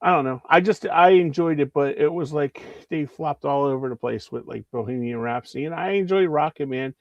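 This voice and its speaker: A man in his fifties from the area, chatting casually about films in a rambling, animated way with many restarts. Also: a little high, brisk, dry recording. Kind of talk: casual film chat. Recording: dull lo-fi stream audio.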